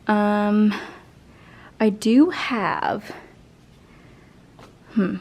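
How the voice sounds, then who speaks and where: A woman's voice: medium pitch, moderate pace. A young woman teacher in her twenties, out of breath, casually thinking aloud as she rearranges an empty classroom. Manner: thinks aloud while rearranging, chatty with fillers. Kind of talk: casual vlog narration.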